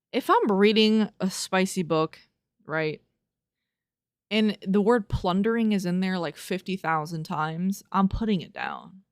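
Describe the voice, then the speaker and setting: A woman's voice: mid-range voice, no room sound, clean studio sound. A young woman hosting a casual solo podcast, reading review quotes aloud and reacting with profane, laughing disbelief. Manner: incredulous, profane, laughing at what she reads; reads review quotes aloud and riffs on them. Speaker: podcast host.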